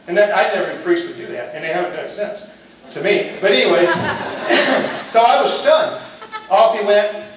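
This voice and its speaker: A man's voice: high-pitched, slight background noise. A middle-aged man, a football coach and teacher, telling his personal testimony in a candid, humorous storytelling way. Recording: echoey hall, distant mic.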